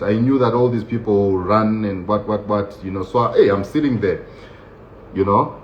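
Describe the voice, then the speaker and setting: A man casually recounting a personal story in a lively, laughing way, acting out what others said, with many fillers. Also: fairly low pitch, normal speed. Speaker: vlogger recounting his prison experience. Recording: dull, roomy recording with faint noise.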